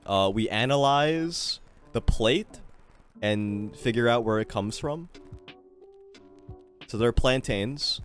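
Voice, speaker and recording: Male streamer, lively swinging pitch, slow unhurried delivery, foul-mouthed, faint music behind. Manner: swears freely, animated and self-mocking. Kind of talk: casual live-stream commentary.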